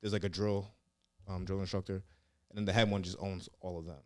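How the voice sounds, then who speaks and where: Low-voiced, profane young man telling stories. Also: flat delivery, fairly quick, a little mellow, no echo, studio quality. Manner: rambling, profane, heavy on "like" and "yeah". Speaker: comedian and former Marine recruit, podcast guest. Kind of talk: casual storytelling interview.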